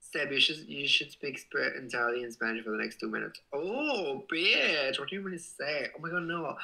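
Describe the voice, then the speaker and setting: A man's voice: mid-range voice, animated, moderate pace, vocal fry, few pauses, bright, forceful tone, low-quality recording. A young man hosting a casual livestream, reading out viewer comments in a bubbly, giggly way and swearing playfully. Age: young adult. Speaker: livestream host.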